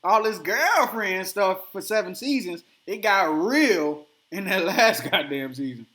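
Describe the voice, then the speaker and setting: A man hosting a podcast, telling a story in casual chat and acting out the quotes with animated energy. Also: high-pitched, measured pace. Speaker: podcast host.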